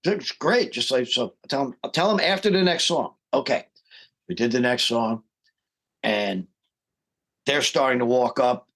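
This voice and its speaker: Animated middle-aged man telling a story. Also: mid-range voice, measured pace, pauses often. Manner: animated storyteller who acts out quoted voices. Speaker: podcast guest, rock singer. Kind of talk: casual storytelling interview.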